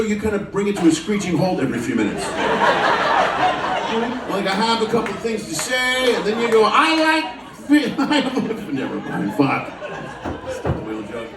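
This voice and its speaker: A man's voice: high-pitched, huge pitch swings, unhurried, long pauses, echoey room, far from the mic, very noisy. A man doing stand-up comedy in a show lounge, loose and profane, teasing the audience between jokes. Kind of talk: stand-up comedy with crowd work. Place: cruise ship show lounge with a live audience. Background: audience laughter.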